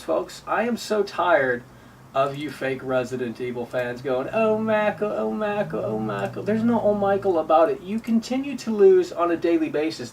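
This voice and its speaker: A man rants on a live stream, slightly high-voiced and repetitive, with sarcastic whiny imitations of his critics. He sits some way from the mic. Faint noise hums underneath. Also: recorded from a distance, rough recording. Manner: repetitive, combative. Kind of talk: ranting live stream commentary.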